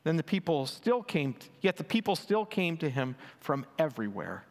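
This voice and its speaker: Earnest high-voiced man preaching in a hall. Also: very animated, normal speed. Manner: earnest, emphatic, rises for quoted lines. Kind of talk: sermon, reading and explaining scripture. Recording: long hall reverb.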